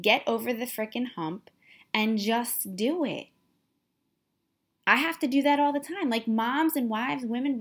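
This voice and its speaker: Candid, animated woman telling a story. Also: mid-range voice. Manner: candid, animated storytelling, mimics her husband. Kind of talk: casual chat.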